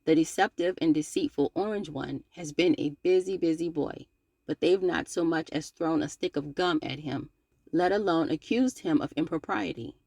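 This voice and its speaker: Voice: medium pitch, normal speed, creaky, a little mellow, no echo. A channel host reading a scripted open-letter commentary, sarcastic and scolding, with playful slang and direct address.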